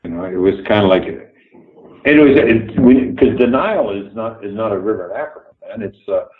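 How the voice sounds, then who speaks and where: A man's voice: fairly low pitch, lively intonation, a little fast. An older man from Canada, telling blunt, swear-laced anecdotes as an interview guest. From Canada, Toronto. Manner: blunt, swears freely, acts out quoted dialogue, chuckles through stories. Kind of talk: storytelling anecdotes in a remote interview. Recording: echoey room over a tinny phone-like line.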